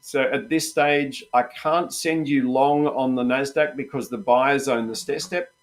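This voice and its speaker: A man coaching traders in a live session, talking in an upbeat, chatty way. He keeps calling out to his viewers as "guys" while he gives them running market commentary. His voice sits at an ordinary, middle pitch. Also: fairly even intonation, a little slow. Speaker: trading coach and host.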